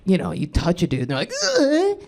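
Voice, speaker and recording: A woman's voice: sits low, rapid-fire, warm tone. A woman in her thirties doing crowd-work stand-up comedy on a club stage, rambling, cutting herself off and laughing at her own jokes. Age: 30s.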